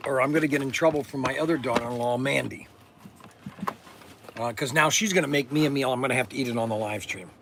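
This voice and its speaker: A middle-aged man hosting a casual live-stream food tasting, playful and quick to laugh and exclaim. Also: medium pitch, creaky, noisy background. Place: his shop.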